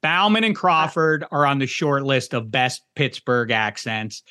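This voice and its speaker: A man hosting a sports podcast, talking in animated, rambling riffs in casual chat. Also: medium pitch, unhurried. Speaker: podcast host.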